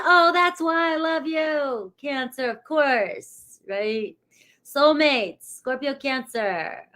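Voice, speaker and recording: A woman's voice: fairly high pitch, a bit bright. A middle-aged woman from New England who reads tarot, chatting casually on a live stream and greeting viewers by name in a rambling way. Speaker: tarot reader.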